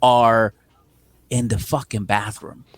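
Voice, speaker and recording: A man's voice: fairly low pitch, flat delivery, slow. A man co-hosting a podcast, telling a weird story in a laid-back casual chat. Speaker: podcast co-host.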